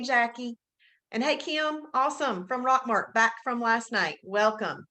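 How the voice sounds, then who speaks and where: A woman's voice: fairly high pitch, a bit bright. A woman with an Alabama accent hosting a live webinar, chatting casually and greeting viewers by name in an upbeat way. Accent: Southern US, Alabama. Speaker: webinar host.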